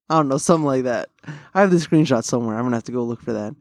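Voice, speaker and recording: A man's voice: mid-range voice, animated, racing, no echo. Podcast host, man, slangy and profane, dry close sound, casual storyteller. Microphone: studio mic.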